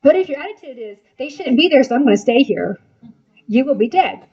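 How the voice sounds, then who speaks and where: An older woman from Indiana speaks to a church audience in a chatty, animated way. She often adds laughing asides, and her voice sits fairly high. The recording sounds dull and lo-fi. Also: fairly quick, slightly rough. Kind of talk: church talk.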